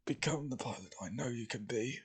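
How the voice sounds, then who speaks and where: A man's voice: mid-range voice, brisk, slightly rough, pitched below the performer's own voice. A man voicing a dying middle-aged father pilot who stammers and coughs weakly as he pleads with his son. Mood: dying, pleading.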